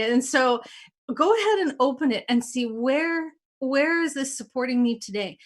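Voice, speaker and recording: A woman hosting a casual talk, telling stories in an animated way and acting out the dialogue. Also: high-pitched, normal speed. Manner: animated, acts out quoted dialogue. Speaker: host.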